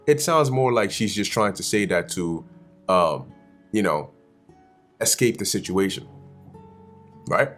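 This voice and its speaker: A man's voice: lowish voice, a little slow, long pauses, faint music behind. A man giving a casual, slangy Bible study commentary, often acting out the characters. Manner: animated, slangy, acts out characters. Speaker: Bible teacher.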